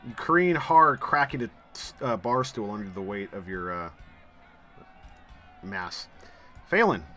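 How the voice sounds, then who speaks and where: A man's voice: lowish voice, expressive, a little slow, sharp tone, faint music behind. A man running a tabletop game as game master and stream host, narrating vividly and energetically with filler words.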